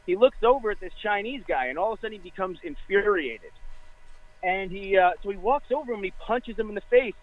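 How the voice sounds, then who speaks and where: A man with a high voice calls in over a thin, tinny phone line. He tells his story in a rambling, eager way, restarting his sentences often. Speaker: caller. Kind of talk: phone-in joke telling.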